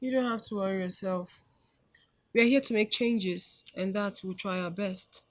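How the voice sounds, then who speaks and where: A woman's voice: medium pitch, normal speed, close to an everyday voice. An actress playing a composed woman president who reassures people, speaking with a Nigerian accent. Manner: calm and reassuring.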